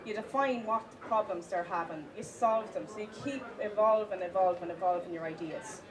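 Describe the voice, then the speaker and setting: A woman giving a live conference talk, with many fillers and restarts, stressing the points of a list slowly. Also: medium pitch, crowd noise. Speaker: conference speaker. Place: conference hall with audience. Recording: distant mic, audience in hall.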